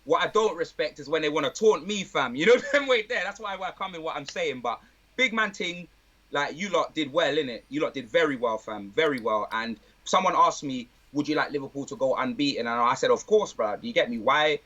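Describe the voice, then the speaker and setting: A man chatting casually about football, full of street slang and lively banter. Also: on the high side, brisk, dull audio. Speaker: guest, football fan. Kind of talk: casual chat.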